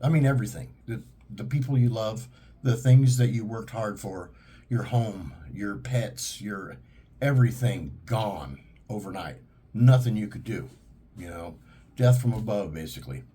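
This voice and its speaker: A man's voice: fairly low pitch, expressive, a little slow, mellow, slightly rough. A man delivering a heated, profane monologue in a blunt, ranting manner. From United States. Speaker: vlogger. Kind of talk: monologue to camera.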